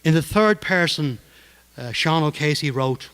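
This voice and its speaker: A male storyteller on stage, narrating in a measured, dramatic way. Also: on the high side, expressive, fairly bright tone, clear, resonant tone. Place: stage performance. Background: guitar.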